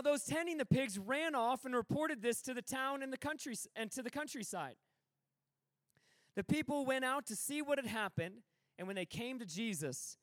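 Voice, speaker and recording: A man preaching a sermon, retelling a scripture story with energetic storytelling and comic asides. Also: high voice, dry recording, clean studio sound. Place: large venue.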